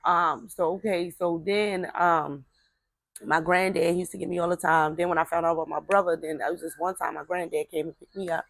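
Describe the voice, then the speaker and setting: A woman's voice: fairly low pitch, steady tone, brisk, fairly bright tone, dry recording, low-quality recording. A woman speaking, telling a family story in casual talk, rambling with repeated words and fillers and acting out relatives' voices. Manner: acts out voices of relatives in quotes.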